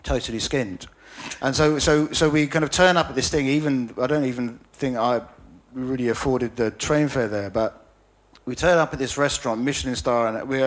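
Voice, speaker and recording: A man's voice: medium pitch, a little fast, few pauses. A man telling a rambling, self-deprecating story in casual conversation, with many stammering restarts and frequent laughter. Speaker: journalist and author guest.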